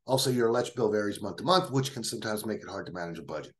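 A man imitating a hurried male solar sales agent racing through a phone script at breakneck speed. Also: on the low side, animated, voice pushed down, lightly acted.

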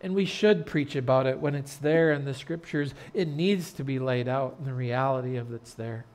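A man pastor preaching an earnest sermon in a church, turning loud and dramatic when telling a story. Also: mid-range voice, moderate pace. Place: church sanctuary.

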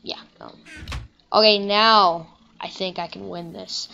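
A young woman giving rambling, casual commentary while playing a video game, breaking into excited shouts now and then. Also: medium pitch, slow, creaky, highs cut off. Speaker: gaming channel host.

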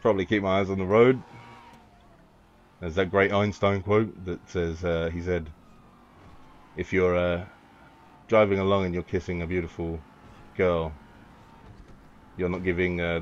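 Playing a driving game, this man rambles, jokes, and swears freely in casual let's-play commentary for his YouTube channel. He speaks a little slowly in a low-pitched, flat voice, leaving long pauses. Faint hiss sits under a dull, lo-fi recording.

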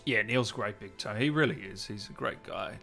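Chatty livestream host. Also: male voice, on the low side, normal speed, gravelly, sharp tone, faint music behind. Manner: chatty, reads out viewer comments, laughs often. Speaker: gaming livestream host and interviewer. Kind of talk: casual livestream chat.

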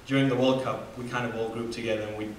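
A young man in his 20s, an earnest student from Namibia, tells a personal story quickly in a fairly low, flat voice, full of fillers and restarts. He's recorded from a distance in a very echoey hall with a faint room hum.

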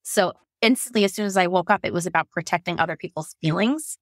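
A woman guest on a podcast, telling a personal story candidly in a lively way, often acting out what people said and leaning on "like" as she talks. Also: on the low side, quick pace, no room sound, studio quality. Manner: animated, acts out what others said; frequent "like" and quoted self-talk.

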